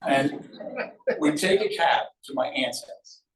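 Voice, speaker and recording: Older storyteller man, roomy hall, heard from a distance, middle-pitched voice. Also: takes it slowly, a little hiss or hum. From Sea Isle City, New Jersey. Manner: lively and conversational, acts out quoted voices. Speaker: local speaker sharing memories. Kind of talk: public storytelling talk. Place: event room at a museum talk. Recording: roomy echo, mic far off.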